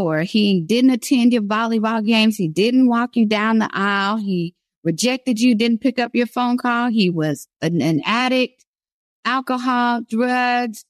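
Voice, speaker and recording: A woman's voice: fairly high pitch, dry recording, clean studio sound. A woman giving an earnest devotional sermon, stressing key phrases by repeating them. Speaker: women's devotional speaker.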